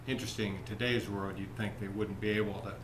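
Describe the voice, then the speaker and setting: Low-voiced male expert interviewed, thoughtful and halting, in an echoey noisy room. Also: fairly even intonation. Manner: thoughtful, hesitant with fillers. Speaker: oyster expert. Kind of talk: interview answer.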